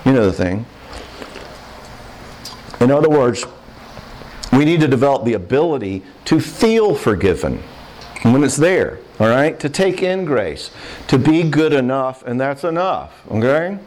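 A man's voice: medium pitch, big pitch swings, measured pace, long pauses, a little mellow. A man speaking in a mid-range voice with an earnest, conversational manner, like a sermon that drifts into casual asides. He talks with feeling and keeps checking in with his listeners. A faint hiss of background noise sits under the recording. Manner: earnest, conversational, emotional at times. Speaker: Christian speaker on marriage and forgiveness. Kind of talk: sermon-style talk.

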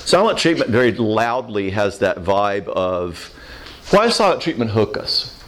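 A man counseling a live audience in a Q&A, plainspoken and animated, acting out short quoted voices. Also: fairly low pitch, measured pace, slight background noise. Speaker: counselor answering audience questions.

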